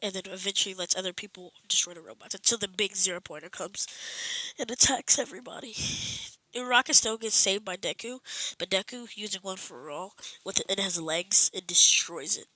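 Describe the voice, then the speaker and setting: A woman's voice: medium pitch, a little fast, sharp tone, no room sound, rough recording. A woman casually improvising a fan story, rambling with many restarts and self-corrections.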